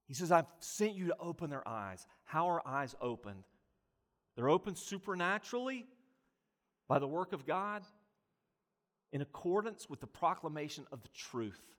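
A man's voice: fairly high pitch, normal speed, pauses often. A man preaching a sermon, pressing rhetorical questions and building emphasis through repetition. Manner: animated preaching, voice rising and falling with emphasis. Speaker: pastor.

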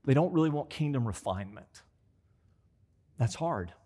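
A man's voice: mid-range voice, expressive, normal speed, mellow, husky. A man preaching a conversational sermon as a pastor. He repeats phrases for emphasis and acts out quoted voices. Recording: long hall reverb.

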